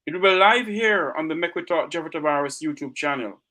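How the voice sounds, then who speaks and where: A man's voice: on the high side, animated, fairly quick, sharp tone. A Jamaican man hosting a talk show, speaking with passion and asking rhetorical questions, close to tears. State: near tears. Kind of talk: emotional talk show monologue.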